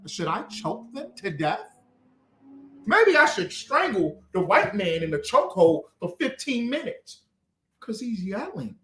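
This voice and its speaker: Man, fiery preacher, lively pitch swings, echoey recording. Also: unhurried. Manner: fiery, swings from shouting to low muttering. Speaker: street preacher.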